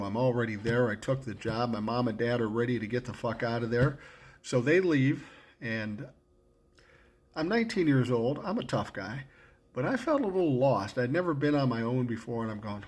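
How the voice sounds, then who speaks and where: A man's voice: lively intonation, normal speed, husky. An older man in his sixties spins a yarn in a loose, casual way. He swears freely and talks bluntly, and his voice jumps up when he acts out what he said back then. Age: 60s. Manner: blunt and profane, acting out his own past lines with rising pitch. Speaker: storyteller recalling his radio career. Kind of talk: casual spoken storytelling.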